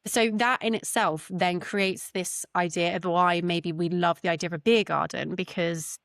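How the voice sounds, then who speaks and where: Podcast co-host: woman from Britain, low-ish voice, lively and self-deprecating, dry close sound. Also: moderate pace, no room sound. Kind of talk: casual podcast chat.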